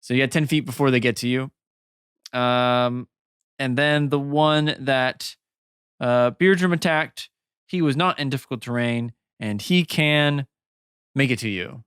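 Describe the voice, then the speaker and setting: A man's voice: mid-range voice, a little slow, fairly bright tone, smooth, no echo, clean studio sound. A man running a tabletop game, explaining the monsters' moves and rules with fillers. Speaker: game master.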